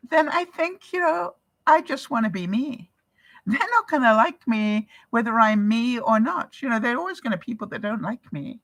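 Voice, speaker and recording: Older canadian lady rambling to her viewers, laughs a lot, super animated pitch, dry sound. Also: normal speed, no echo. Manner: chatty, laughs often, asks rhetorical questions. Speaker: vlogger. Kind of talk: casual livestream chat.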